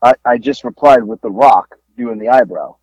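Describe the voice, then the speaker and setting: A man co-hosting a podcast, telling a story in a casual, animated way and acting out the people he talked to on the phone. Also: mid-range voice, normal speed, dry recording. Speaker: podcast co-host. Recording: dull lo-fi dry sound.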